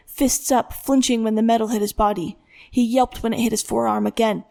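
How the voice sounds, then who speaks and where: A woman reads a tense thriller audiobook, carrying the story along in a steady, dramatic narration. Her voice sits somewhat high for a woman. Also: vocal fry.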